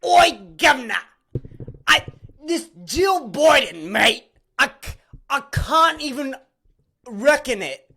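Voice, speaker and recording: A man voicing a mocking, exaggerated Australian newsman in a put-on Australian accent, loud and raised in pitch. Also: very animated, takes it slowly, long pauses, heavily acted. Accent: mock Australian. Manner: loud, raised pitch, repeating "governor" and "mate".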